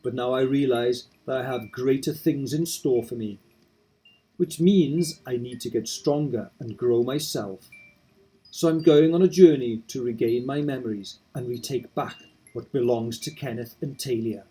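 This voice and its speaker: A man reading aloud in his own voice as a determined young game hero, steady and earnest. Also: medium pitch, normal speed, slightly rough, lightly acted, poor audio. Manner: steady, earnest narration of resolve.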